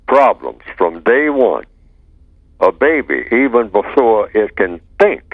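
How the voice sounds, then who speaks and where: Older male talk radio host; slow, rhetorical, steady; low voice, tinny phone sound. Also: dry recording. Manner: slow, deliberate, rhetorical questioning. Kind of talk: answering listener email on talk radio.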